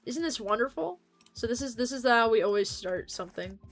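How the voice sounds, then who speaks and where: A woman with a slightly high, animated, brisk voice livestreams a game over soft background music. She chats playfully and casually with her viewers, drifting from one topic to another.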